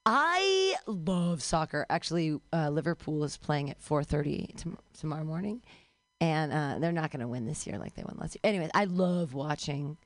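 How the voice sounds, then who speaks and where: A woman's voice: low-pitched, normal speed, darkish tone, dry recording. A woman hosting a comedy show, cheering on the act and adding playful banter. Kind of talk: introducing acts at a comedy show.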